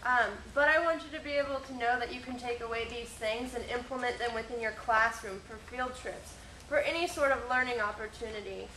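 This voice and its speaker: Bright-voiced woman presenter in an echoey room. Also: fairly high pitch, fairly quick. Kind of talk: closing remarks at a seminar. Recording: echoey room with faint noise.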